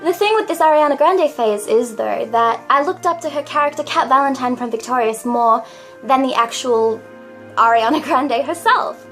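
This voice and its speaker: A woman's voice: animated, normal speed, fairly bright tone, faint music behind. A young woman in her late teens with an Australian accent, telling a personal story to camera in a chatty, self-mocking way and swearing casually. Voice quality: naturally high voice. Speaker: vlogger.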